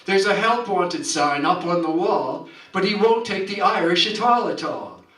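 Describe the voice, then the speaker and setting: A man's voice: sits high, lively intonation, a little slow, fairly bright tone, voice pushed up. A man voicing a poor but spirited young Irish woman, lilting and defiant. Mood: pleading. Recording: roomy hall, distant mic.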